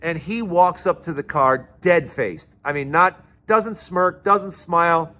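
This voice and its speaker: A man hosting his own show, telling a chatty, animated story in a casual monologue. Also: on the high side, takes it slowly. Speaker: commentator and show host.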